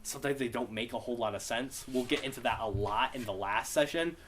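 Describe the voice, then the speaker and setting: A man's voice: medium pitch, fast, fairly bright tone, a little hiss or hum. A young man teaching a casual beginner Greek class, explaining patiently and asking his students for questions. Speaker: Bible study Greek teacher.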